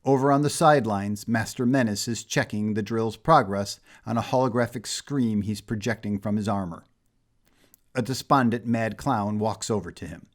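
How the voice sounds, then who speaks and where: A man's voice: on the low side, moderate pace. Man narrating a superhero fan story.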